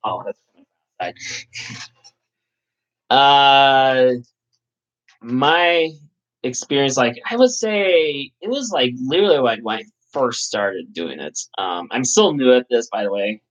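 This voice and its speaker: A man's voice: mid-range voice, animated, unhurried, rough recording. A man hosting a casual live chat, rambling and swearing, with lots of fillers. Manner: rambling, profane, full of fillers. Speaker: channel host.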